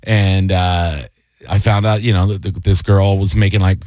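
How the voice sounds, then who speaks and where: A man in his thirties co-hosting a radio talk show, an animated storyteller who slips into mock DJ and anchor voices. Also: low-pitched, normal speed, dry recording. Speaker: radio co-host. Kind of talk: casual chat.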